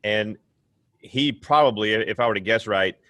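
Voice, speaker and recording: A man's voice: fairly low pitch, normal speed, fairly bright tone, dry recording, studio quality. A man hosting an interview podcast, affirming the guest and reflecting back on what she has said. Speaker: podcast host.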